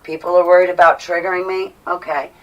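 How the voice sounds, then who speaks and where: A woman talking to her viewers in an animated, emphatic way, her voice swinging from loud to soft. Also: fairly low pitch, quick pace, muffled recording. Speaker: vlogger. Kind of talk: casual monologue to viewers. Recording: voice a bit far from mic.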